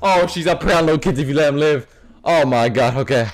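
A man giving loud, excitable gameplay commentary, yelling and cursing as he plays. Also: on the high side, quick pace, a crowd in the background. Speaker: gaming streamer.

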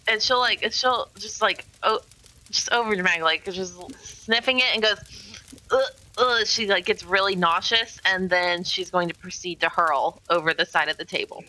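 A woman playing a tabletop game, describing her character in a chatty, animated way. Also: lowish voice, normal speed, rough recording. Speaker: player. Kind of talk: casual tabletop play.

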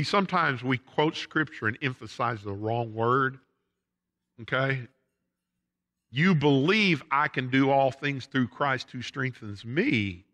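A Southern US pastor delivers an emphatic sermon with a bright, forceful voice. His intensity swells and drops as he preaches. The sound rings with the long reverb of a church sanctuary. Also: medium pitch. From United States.

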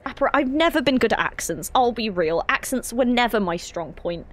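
Streaming a horror game, this young woman keeps up brisk, animated let's-play chatter in a medium pitch with hardly any pauses. She giggles often and wanders into rambling asides.

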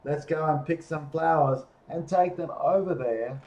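A modest, good-hearted bear from a picture book, as a man reading aloud puts him on. He speaks slowly, in an earnest and cheerful way, with a somewhat high voice. The room around him is echoey. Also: a little mellow, lightly acted. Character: kind, modest male bear in a cape.

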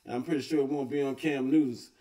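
A man's voice: medium pitch, fairly even intonation, fast talker, warm tone, recorded from a distance. A man hosting a reaction video, commenting on a clip in a laid-back way and agreeing often.

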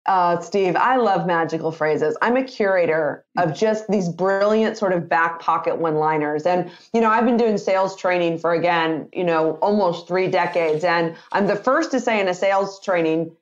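A woman in her fifties, a communication author and sales trainer, talking energetically in a podcast interview and acting out phrases in lively voices. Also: fairly low pitch, normal speed, hardly any pauses, lo-fi sound.

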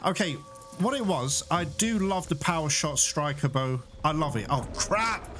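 Excitable man at a game. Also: fairly high pitch, normal speed. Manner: chatty, excitable, panicky and laughing. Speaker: gaming YouTuber. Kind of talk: let's play commentary. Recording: game music playing loud behind the voice.

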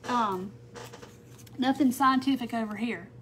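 A woman's voice: a little high, measured pace, slight background noise. A woman with a Southern American accent, hosting a live craft stream and chatting to viewers while she works. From not from North Mississippi. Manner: chatty, reads out viewer comments. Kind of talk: casual craft tutorial chat. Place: home craft table.

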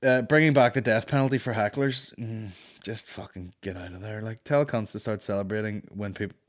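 A man's voice: lowish voice, fairly even intonation, brisk. A man hosting a comedy podcast, chatting casually in a profane, rambling, mocking way.

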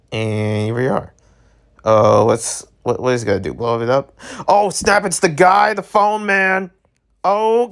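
A man reads a webtoon aloud at a casual pace. His voice sits in a middle pitch, and he jumps between the characters' lines and his own joking remarks without changing his voice much. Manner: reads all the dialogue himself and breaks in with jokey asides. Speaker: webtoon reader. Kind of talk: casual read-aloud with commentary.

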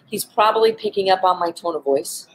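A woman's voice: lowish voice, a little fast, husky, rough recording. A woman who works with animals, hosting a casual live stream, talking earnestly with frequent ums and restarts. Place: indoors with animals around.

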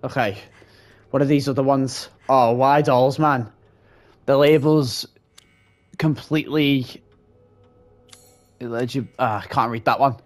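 A man's voice: medium pitch, steady tone, unhurried, pauses often. Jumpy, swearing gaming commentator man. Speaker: gaming channel host. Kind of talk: let's-play commentary.

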